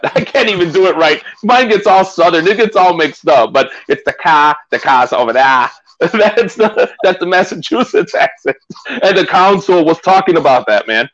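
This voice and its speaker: A man co-hosting a casual live stream, chatty and quick to laugh, talking into a phone. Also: on the high side, a bit bright, highs cut off. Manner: chatty, laughs often, restarts a lot. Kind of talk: casual chat. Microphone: phone used as camera.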